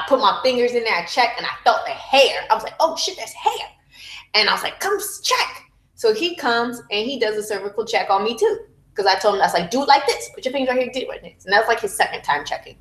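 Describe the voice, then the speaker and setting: A woman's voice: medium pitch, fairly bright tone. Mother recounting her birth story, blunt and swearing, roomy echo. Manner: candid, profane, acts out her own screams. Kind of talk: animated storytelling to a group. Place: room at a baby celebration.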